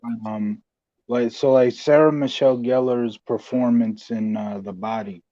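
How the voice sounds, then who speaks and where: A man's voice: medium pitch, steady tone, a little slow, dark tone, no room sound. A man co-hosting a casual podcast, laid-back, giving short replies and hesitating with fillers. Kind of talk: casual chat. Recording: dull dry lo-fi mic.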